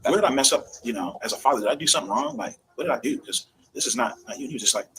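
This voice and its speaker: A father tells his story fast and in loose, rambling sentences, his pitch swinging widely as he acts out other people's words. It sounds like an everyday interview recording, with some noise around him. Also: expressive, pushed and bright, rough recording. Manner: casual, rambling storytelling with acted quotes. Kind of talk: recounting a family incident in an interview.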